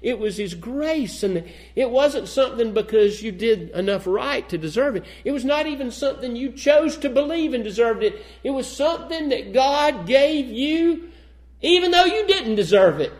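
A man's voice: extremely high pitch, expressive, normal speed. A man preaching a sermon, reading old-fashioned scripture aloud and then pressing his points with rising emphasis.

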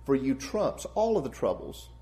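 A man preaching a sermon, earnest and warm in delivery, building to emphatic peaks and then dropping soft and low. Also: huge pitch swings, normal speed.

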